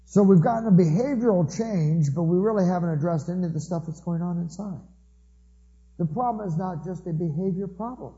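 A man's voice: high-pitched, a little fast, mellow, dull audio. A man preaching a family sermon through anecdotes, acting out the people he quotes. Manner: storytelling, acts out quoted voices.

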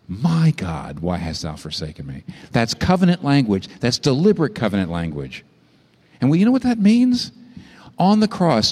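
A man preaching a sermon, impassioned, climbing to high emphatic peaks and then dropping low. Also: long reverb tail.

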